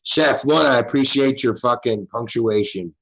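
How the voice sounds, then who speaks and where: Casting: relaxed Philly guy, loose and profane streaming chatter, mid-pitched voice. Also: normal speed, gravelly. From Philadelphia. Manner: laid-back, profane, reading chat aloud. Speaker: livestream host. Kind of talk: casual livestream chat.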